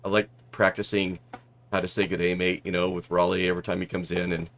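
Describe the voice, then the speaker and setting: A man's voice: low-pitched, level tone, fast talker, a bit bright, slight background noise. A man from Southern California chatting casually while streaming a flight simulator, making radio calls and rambling with many restarts.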